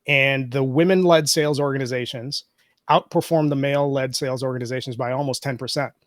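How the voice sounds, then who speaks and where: A man in the guest seat lays out his points in a measured, explanatory way, building his case step by step from data. His voice sits in a middle pitch. The sound is dry and close, with no room around it. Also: steady tone, no room sound. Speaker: guest, podcaster. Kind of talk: interview answers.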